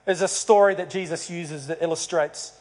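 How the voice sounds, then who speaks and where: Guy preaching a sermon, fairly high voice, tells the story and acts out the lines. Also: steady tone, normal speed, a little mellow. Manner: storytelling, acts out dialogue in the parable. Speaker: pastor.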